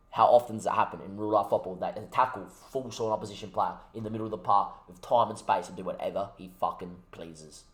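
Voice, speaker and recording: A man's voice: medium pitch, fairly bright tone, echoey room. A young man ranting about a football management game, swearing heavily as he commentates his gameplay. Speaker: gaming YouTuber.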